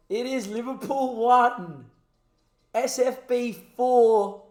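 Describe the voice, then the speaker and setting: A young man giving excitable play-by-play commentary on a football video game, jumping between commentator-style shouts and quiet, choked-up asides. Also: extremely high pitch, roomy sound. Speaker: gaming streamer.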